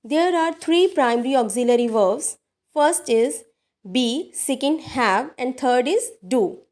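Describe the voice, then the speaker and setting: A woman teaching grammar in a recorded lesson, speaking deliberately and addressing her viewers as dear students. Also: high-pitched, lively intonation, darkish tone. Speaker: English teacher.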